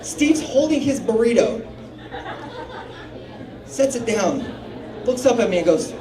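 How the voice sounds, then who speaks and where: A man's voice: very high-pitched, animated, slow, heavy background noise. A male stand-up comedian telling a story on a small bar stage, swearing a lot and acting out his friends' lines. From Salt Lake City area. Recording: roomy bar recording from a distance. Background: crowd laughing.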